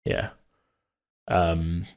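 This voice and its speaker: A man hosting a tabletop podcast, chatting casually in a relaxed, rambling way and laughing often. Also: deep voice, extremely slow, muffled recording. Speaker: game master and podcast host. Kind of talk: casual chat.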